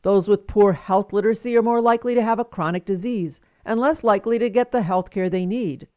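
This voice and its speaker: A woman's voice: medium pitch, fairly quick, mellow, lo-fi sound. A woman hosting a podcast, giving scripted commentary with wry, emphatic storytelling. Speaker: podcast host.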